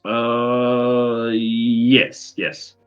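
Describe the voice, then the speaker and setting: Guy running a tabletop game, slow and halting, lots of ums, kinda dull lo-fi sound. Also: mid-range voice, completely flat delivery, smooth, soft background music. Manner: hesitant, many pauses and fillers. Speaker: game master. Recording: dull lo-fi recording.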